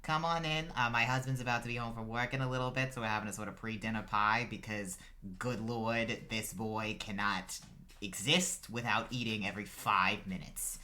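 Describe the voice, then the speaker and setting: A man's voice: lowish voice, steady tone, normal speed, bright, forceful tone, a little hiss or hum. A man voicing a harried half-orc mother who fusses at her son and welcomes guests. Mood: hospitable. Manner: fussy, scolding then hospitable.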